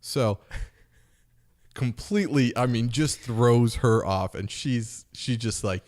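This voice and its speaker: A man's voice: mid-range voice, slow pace, darkish tone. A man in his thirties, a podcast host, telling a story in a casual chat and acting out the voices of people in it.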